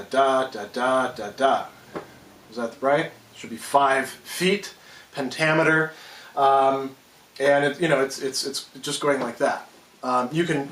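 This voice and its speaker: A man giving an unscripted philosophy lecture. He thinks aloud, restarts often and taps out rhythms with his voice. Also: on the high side. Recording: roomy echo, mic at a distance.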